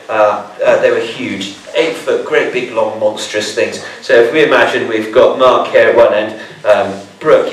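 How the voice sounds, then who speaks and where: A man's voice: medium pitch, slight background noise. A man presenting a live bug show to an audience, joking and playful like a showman. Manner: jokey, playful showman banter. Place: school hall with audience. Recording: echoey hall, mic far off.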